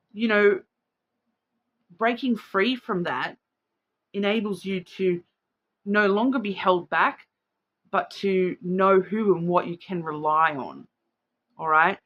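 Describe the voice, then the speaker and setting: A woman with an Australian accent giving a casual spoken card reading, chatty and rambling, often checking in with the listener. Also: lowish voice. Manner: chatty, rambling, keeps checking in with "all right?". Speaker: card reader.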